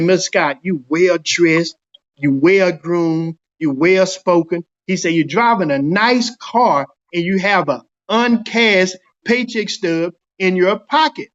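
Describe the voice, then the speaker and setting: A man's voice: high-pitched, highs cut off. A middle-aged man from Dallas tells his own story in a casual interview, acting out the voices of the people in it. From Dallas, Texas. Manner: animated storyteller acting out quoted dialogue.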